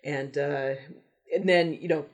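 Low-voiced chatty woman host. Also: steady tone, measured pace. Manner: chatty, laughs often, many restarts. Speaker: podcast host. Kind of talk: casual film discussion.

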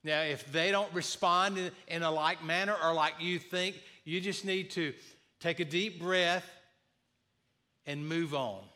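Bright-voiced male preacher, earnest. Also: a little high, fairly even intonation, a little slow. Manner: earnest, repeats key phrases, acts out sample apologies. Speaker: pastor. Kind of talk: sermon.

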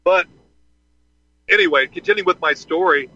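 A man's voice: sits high, normal speed, sharp tone, dry recording. A man hosting a show, telling a rambling personal story in a casual way, full of fillers and restarts, over a dull, lo-fi line. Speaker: podcast host. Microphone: phone call from underground.

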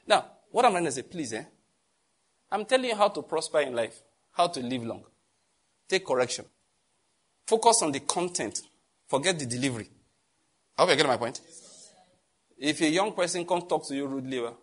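A man's voice: on the high side, brisk, pauses often, slightly rough. A middle-aged man preaching a sermon, telling stories and acting out the people in them. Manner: animated storytelling, acts out quoted exchanges. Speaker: pastor.

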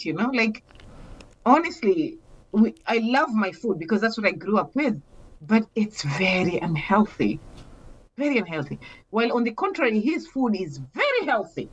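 A woman's voice: fairly high pitch, slightly rough. A woman from Kenya, a podcast guest chatting casually and at length, with many fillers and frequent laughs. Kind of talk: casual interview chat. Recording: muffled lo-fi sound.

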